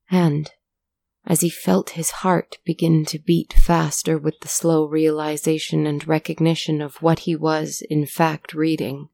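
A woman reads a story aloud in a low, slow, measured voice. Her tone is dark and mellow with a gravelly fry, and her pitch stays flat. The recording is dry and close. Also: no echo. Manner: measured, dramatic reading. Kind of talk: story narration.

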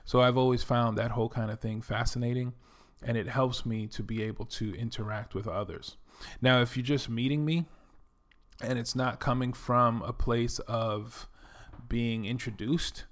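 A middle-aged man from the Bronx with a New York accent, telling his life story in a casual, reflective monologue full of "you know" and "um". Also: medium pitch. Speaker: former Air Force veteran and doctor telling his story.

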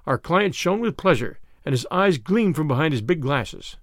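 A man reading a story aloud in steady scripted narration. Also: fairly high pitch, normal speed, hardly any pauses, no room sound, clean studio sound. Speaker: audiobook narrator.

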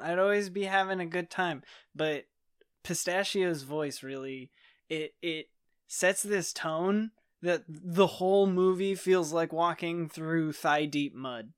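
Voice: medium pitch, clear, resonant tone. A podcast co-host chatting wryly about a movie. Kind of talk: casual movie-review chat.

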